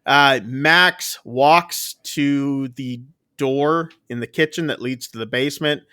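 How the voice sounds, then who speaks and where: A man's voice: medium pitch, slow pace, bright, forceful tone, smooth. A man co-hosting a casual movie review, retelling the plot loosely with many fillers. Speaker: podcast co-host.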